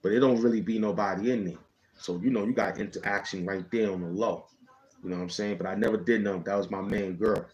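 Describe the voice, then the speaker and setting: Rambling slangy man, lowish voice. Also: steady tone, quick pace, darkish tone, lo-fi sound. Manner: rambling, slangy street talk with frequent "you know what I'm saying". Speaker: channel host telling a personal story. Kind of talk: casual storytelling.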